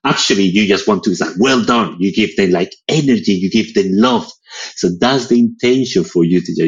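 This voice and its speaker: A man's voice: low voice, breathy edge, dull audio. A male photographer chatting as a guest on a live audio show, speaking expressively and leaning often on "it's like". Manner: expressive, with many filler "it's like" phrases. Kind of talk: casual conversation on a live audio chat. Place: lives in England.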